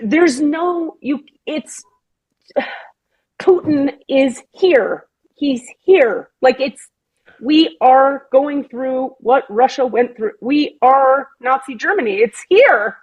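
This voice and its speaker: A woman hosting a podcast, talking earnestly and with feeling in casual chat, sometimes slowing down to stress a point. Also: sits high, husky, lo-fi sound. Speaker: podcast host.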